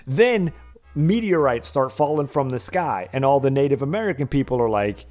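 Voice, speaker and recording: A man's voice: medium pitch, moderate pace, soft background music. A man streaming a retro game, casually retelling a TV episode with lots of swearing and frequent laughter. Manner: profane, laughs often, animated storytelling.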